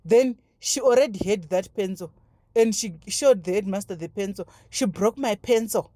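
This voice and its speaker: A woman tells a story at home in a casual vlog. Her voice is mellow and warm, with a dry, close sound and no room echo. She talks in an animated, looping way, full of fillers and restarts. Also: medium pitch, moderate pace. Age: 30s. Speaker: vlogger. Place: home, braiding her daughter's hair.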